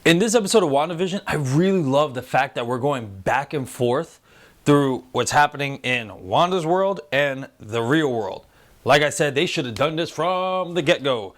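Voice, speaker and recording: A host in his thirties chats loosely on a casual spoiler review show, swearing freely and acting out quotes in silly voices. His voice is a little high, expressive and a bit bright, at normal speed.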